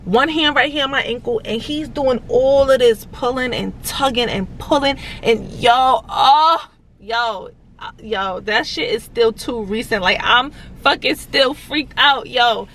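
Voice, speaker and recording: Animated high-voiced woman telling a story. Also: unhurried, a little hiss or hum, rough recording. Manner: animated, profanity-heavy, addresses viewers as y'all. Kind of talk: casual storytelling to viewers.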